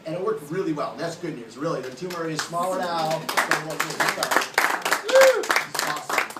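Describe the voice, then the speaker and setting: A man in his late thirties doing a stand-up comedy set on a club stage, joking bluntly and crudely at his own expense. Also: fairly high pitch. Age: late 30s. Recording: echoey room, distant mic, loud background noise.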